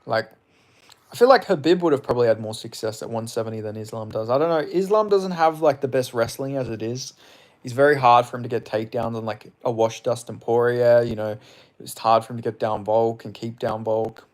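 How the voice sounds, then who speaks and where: A man's voice: medium pitch, brisk. Casual young Australian male streamer, slight English tinge, loose rambling delivery with offhand swearing. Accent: Australian, somewhat mixed with English. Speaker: MMA livestream host. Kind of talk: casual livestream chat answering viewers.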